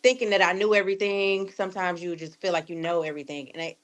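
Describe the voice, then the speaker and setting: A woman's voice: lowish voice, steady tone, quick pace. A woman in her thirties from Detroit, a podcast guest chatting casually, full of fillers and acted-out quotes. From Detroit, USA. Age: 30s. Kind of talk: casual chat.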